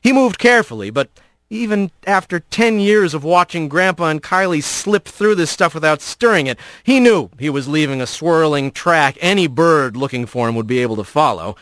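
Expressive male audiobook narrator. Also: a little high, normal speed, no echo. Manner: expressive storytelling.

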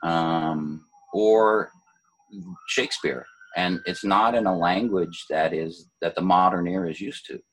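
An older man, a poet, talking in a relaxed interview, thoughtful and hesitant, with many fillers and restarts. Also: sits low, slow, slight background noise, low-quality recording. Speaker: poet, former city poet laureate.

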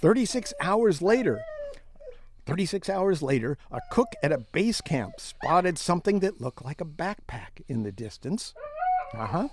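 A man's voice: fairly high pitch, sing-song, measured pace, background noise. A man co-hosting a casual comedic news chat, reading stories aloud with a wry, mocking tone and frequent laughs.

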